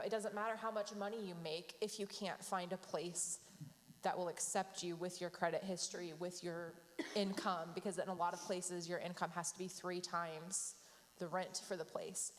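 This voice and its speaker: A woman's voice: fairly low pitch, big-room sound. A woman who works at an aid organization, speaking earnestly and with emotion in a panel discussion.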